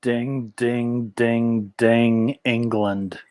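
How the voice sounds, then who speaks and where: A man's voice: mid-range voice, little pitch movement, drawn-out words, a little mellow, clear, resonant tone. A man playing along in casual trivia banter, buzzing in playfully before each guess. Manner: playful, buzzes in with "ding ding". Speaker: trivia player.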